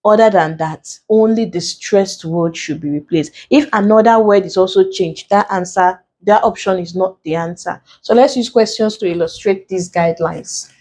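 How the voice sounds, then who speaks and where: A woman's voice: mid-range voice, moderate pace, few pauses, darkish tone. A woman teaching an exam prep lesson, going through the steps one at a time and repeating the key points. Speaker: exam tutor.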